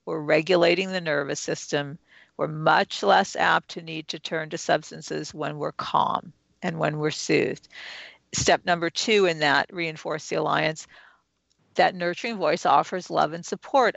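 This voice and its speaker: Calm gravelly-voiced woman guiding steps. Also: sits low, a little slow, no room sound. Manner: calm, instructive, walks the listener through steps. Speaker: author and guest. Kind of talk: explaining self-help steps in an interview. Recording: dull, lo-fi and dry.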